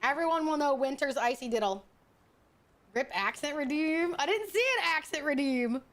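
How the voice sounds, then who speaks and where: A young woman streaming a game, chatting casually with crude, teasing humor and loud bursts of laughter. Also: high-pitched, lively intonation, moderate pace.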